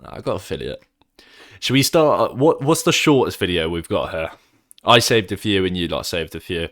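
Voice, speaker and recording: A young man with a low, deep voice talks casually to his livestream chat from his home setup. He rambles between tasks, swears freely and teases the viewers in an offhand way. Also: lively intonation, normal speed, fairly bright tone.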